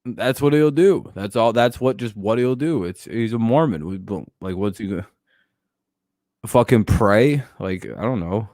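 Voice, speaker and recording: A man's voice: fairly low pitch, moderate pace, darkish tone, dry recording, clean studio sound. Rambling, profane man chatting sports. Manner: frequent fillers and restarts. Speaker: host. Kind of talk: casual sports talk stream.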